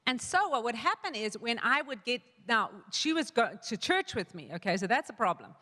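A woman's voice: a little high, big pitch swings, normal speed, sharp tone, big-room sound. A woman pastor giving a sermon to a congregation, telling a personal story with frequent restarts and quoted asides. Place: church hall.

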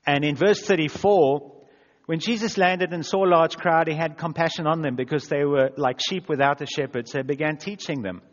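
Guy preaching in a big echoey church hall, pretty high voice, jokes on himself, dull sound. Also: a little fast. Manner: self-deprecating, acts out quotes with voices. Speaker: pastor. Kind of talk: sermon.

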